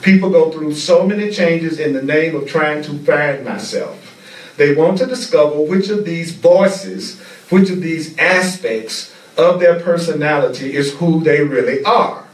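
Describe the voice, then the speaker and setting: Slow, deliberate male spiritual teacher. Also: on the high side. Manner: slow, deliberate, repeats key phrases. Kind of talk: spiritual class lecture. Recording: echoey room, mic at a distance.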